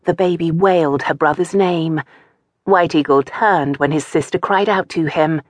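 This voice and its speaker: A woman narrating an audiobook novel in a calm, measured storytelling manner. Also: low-pitched, no echo. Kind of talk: scripted narration.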